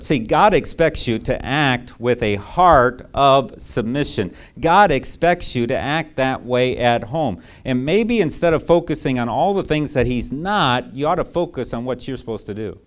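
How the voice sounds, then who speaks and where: A man's voice: mid-range voice, animated, moderate pace, few pauses. A male pastor preaching a sermon in a conversational, emphatic way, often checking in with rhetorical asides.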